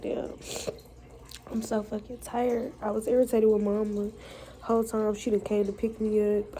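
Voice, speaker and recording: A young woman speaks to her camera in a personal vlog, venting with blunt, profane frankness. Her voice sits a little high and carries a gravelly fry. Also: mellow, poor audio. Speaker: vlogger.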